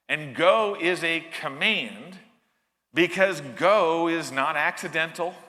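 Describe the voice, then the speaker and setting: A man's voice: a little high, pushed and bright, big-room sound. A man preaching a sermon as pastor, earnest and emphatic, often restarting his phrases. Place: church sanctuary.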